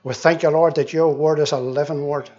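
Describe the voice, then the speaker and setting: A man reading scripture, praying and giving his testimony at a church meeting, speaking deliberately and often repeating words as he prays. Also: on the high side, steady tone, a little mellow, dull audio. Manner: slow and deliberate, with frequent repeated words in prayer. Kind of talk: Bible reading, prayer and testimony.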